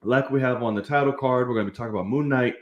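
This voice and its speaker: A young podcast host talks very fast in a medium-pitched voice, hyping his film channel, chatting casually and loosely, and swearing freely. The highs are cut off.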